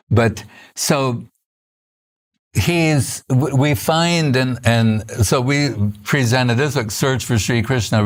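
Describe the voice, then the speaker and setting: An older man giving an informal spiritual lecture, telling stories conversationally with many restarts and soft laughs. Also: lowish voice. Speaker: spiritual teacher.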